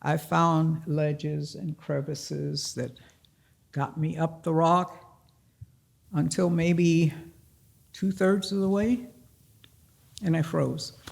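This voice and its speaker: An older man telling a personal story to a live audience at a library event, unhurried and plain-spoken, acting out the voices in his tale. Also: a little high, steady tone, gravelly. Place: public library event room.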